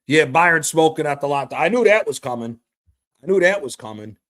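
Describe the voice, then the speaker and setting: A man streaming a live reaction to a football match, excitable and profane, trash-talking the players. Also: a little high, normal speed. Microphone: streaming mic.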